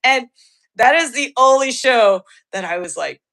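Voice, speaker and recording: A woman hosting a podcast in casual chat, excitable, laughing often and restarting her sentences. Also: a little high, unhurried. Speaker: podcast host.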